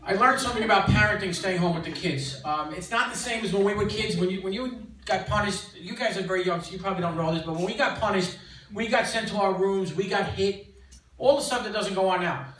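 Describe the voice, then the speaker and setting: An older man performing a stand-up comedy set, delivering deadpan punchlines with filler-laden pauses in a comedy club. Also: sits high. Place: comedy club stage with audience laughter. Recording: echoey club audio, distant, loud crowd.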